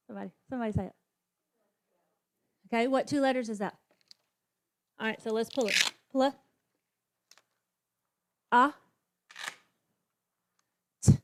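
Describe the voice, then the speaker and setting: A woman teacher demonstrating a phonics lesson for other teachers, sounding out letters and modeling classroom chants. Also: on the high side. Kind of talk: professional development demonstration for teachers.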